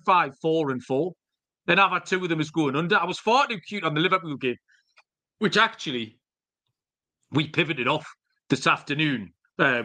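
Slightly high and sharp-toned, a middle-aged man co-hosting a podcast spins meandering stories full of jokes. The chat is casual, with some swearing thrown in.

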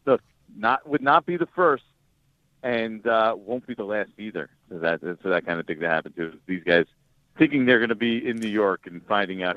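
A man, a sports reporter, calling in as a guest and explaining things in a relaxed, rambling way. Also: fairly low pitch, moderate pace, no room sound. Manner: relaxed, explains at length with fillers. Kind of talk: casual radio interview. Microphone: phone line. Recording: tinny phone line.

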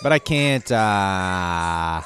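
A touring performer chatting casually in a hotel room, his voice hoarse and rough as if he had been smoking, talking in a rambling, self-mocking way. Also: low voice, expressive, very slow, a bit bright, soft background music. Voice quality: rough, smoky-sounding. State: hoarse, lost voice. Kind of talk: casual vlog chat.

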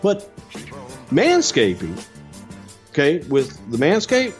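A man co-hosting a podcast whose voice swings widely in pitch as he banters and tells stories. His delivery is lively and casual, with faint music behind him. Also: moderate pace. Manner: animated, storytelling banter. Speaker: podcast co-host.

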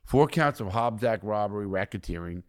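This guest, a former convict from the United States, swears bluntly and rambles with restarts as he shares prison stories in a casual interview. He sounds animated, with a fairly low pitch and moderate pace.

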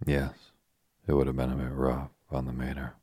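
Brief: a man voicing a gloomy, honest young ex-soldier in a storybook, very low, husky voice. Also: no echo, clean studio sound. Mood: glum. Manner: soft, even, unhurried reading.

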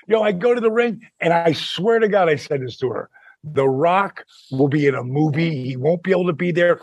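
Gravelly older man telling stories. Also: a little high, normal speed, no room sound. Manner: animated, profane, acts out quoted voices. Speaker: podcast host telling wrestling stories. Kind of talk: casual storytelling chat.

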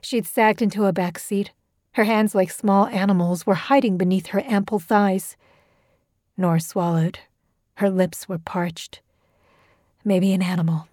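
A woman reading a horror story aloud with a measured, steady storytelling delivery. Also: medium pitch, no echo, clean studio sound. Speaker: narrator. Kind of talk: scripted horror story narration.

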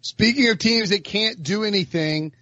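A man's voice: sits high, pushed and bright, no room sound, lo-fi sound. A man co-hosting a podcast, joking around and reading off game stats. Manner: joking, reads stats in a quick list. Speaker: podcast co-host. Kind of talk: casual sports chat.

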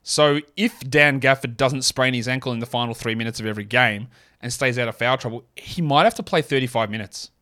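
A man with an Australian accent hosting a solo podcast, chatting casually and thinking aloud with quick asides. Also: medium pitch, pushed and bright. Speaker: podcast host. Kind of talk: solo sports analysis podcast.

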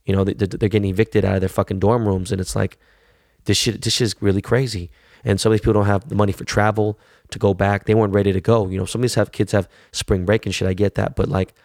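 Gravelly middle-aged guy cussing up a storm, blunt rant, dry close sound. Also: fairly low pitch, a little mellow, no room sound. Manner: blunt, heavy swearing, repeats words when worked up. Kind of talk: profane casual rant.

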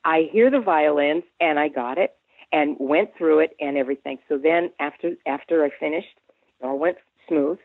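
A woman in her seventies, a guest on an interview, telling an anecdote in a lively way, humming tunes and restarting her sentences. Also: low-pitched, normal speed, dry recording. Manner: animated storyteller who hums tunes and restarts often. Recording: dry, tinny phone line.

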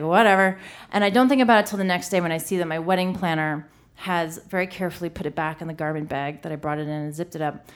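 A woman in her thirties telling a funny personal story on stage, self-deprecating and full of "like". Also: lowish voice. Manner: comic, self-deprecating, lots of "like". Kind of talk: live storytelling.

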